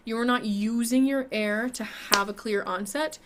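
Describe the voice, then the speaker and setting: A woman's voice: a little high, steady tone, normal speed, noisy background. A young woman teaching an online singing lesson, explaining technique and demonstrating exercises between explanations.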